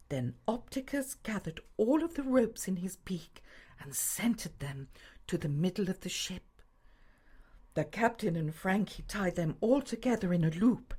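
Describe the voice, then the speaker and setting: A woman narrating a children's story gently, often dropping to a hushed whisper. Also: mid-range voice, breathy edge. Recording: faint music behind.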